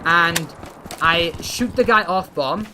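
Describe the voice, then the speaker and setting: A young man with a fairly high voice tells gaming stories in an excitable, swearing rush. Loud background noise and game gunfire sit behind him on the recording. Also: takes it slowly. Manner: excitable storyteller, swears freely. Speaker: channel host. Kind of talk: casual gaming chat.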